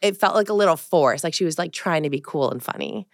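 A young woman co-hosting a podcast in casual chat, an animated storyteller who acts out quotes. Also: lowish voice, quick pace, no room sound, studio quality. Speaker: podcast co-host.

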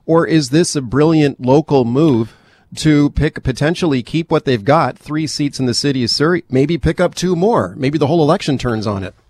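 A man's voice: a little high, normal speed. A man hosting a radio talk show, chatting and putting questions to a guest commentator. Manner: conversational, questioning, lively. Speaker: radio host.

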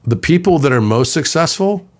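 A man in his fifties, a podcast guest, talking in a conversational, storytelling way, sometimes doing voices for quoted people. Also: normal speed. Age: 50s. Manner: animated storyteller, puts on high voices for quoted children.

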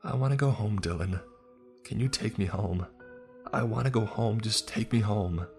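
A man with a very deep voice voicing a lost young male spirit trapped inside someone's head, wailing and pleading in a raised voice. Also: normal speed, soft background music.

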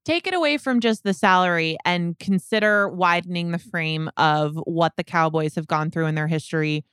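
Clear-voiced woman analyzing sports contracts. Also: on the low side, moderate pace, a bit bright, no room sound, clean studio sound. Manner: analytical, explains points step by step. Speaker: podcast co-host.

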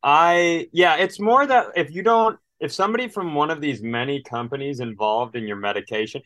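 A man's voice: on the high side, moderate pace, fairly bright tone, dry recording. A man with a slight Southern drawl co-hosting a casual podcast, telling stories and acting out phone calls with exasperated, swearing rants. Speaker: podcast co-host. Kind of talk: casual chat.

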